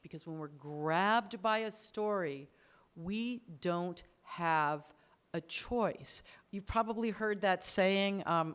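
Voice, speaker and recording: A woman lecturing an audience on storytelling, animated, acting out quoted lines and talking in quick bursts. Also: fairly low pitch. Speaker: writing lecturer. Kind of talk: lively talk to an audience. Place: lecture hall.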